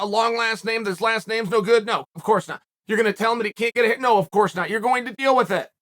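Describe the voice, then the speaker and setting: Brash, bright-voiced male commentator. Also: very high-pitched. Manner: brash, self-assured and emphatic, addressing viewers as "guys". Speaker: podcast host. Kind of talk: casual commentary monologue.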